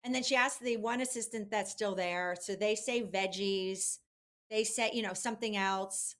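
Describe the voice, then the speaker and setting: A woman guest in a casual interview, telling an animated story with lots of fillers. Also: medium pitch, moderate pace. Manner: chatty, animated, many fillers. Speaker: guest, publicist.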